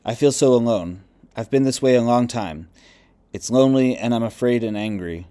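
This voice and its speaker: A man's voice: normal speed, clean tone, lightly acted. A man reading as a lost, bitter male spirit. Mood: lonely. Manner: low, subdued, quiet delivery.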